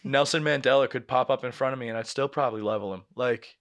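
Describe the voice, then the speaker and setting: A man's voice: mid-range voice, fast. A young man casually telling a story on a podcast, swearing freely and acting out what people said. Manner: animated storyteller, swears a lot, acts out quotes. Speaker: podcast co-host.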